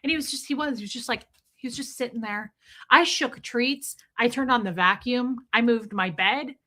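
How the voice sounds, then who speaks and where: Bright-voiced woman telling a story to her chat. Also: a little high, moderate pace. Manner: animated, deadpan storytelling with acted-out quotes. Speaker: streamer. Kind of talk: casual storytelling to a live chat.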